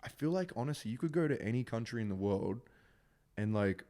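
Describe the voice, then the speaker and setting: A man's voice: mid-range voice, brisk. A young man with a thick Australian accent, telling travel stories in casual chat as host. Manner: animated storytelling, acts out voices, says bro a lot.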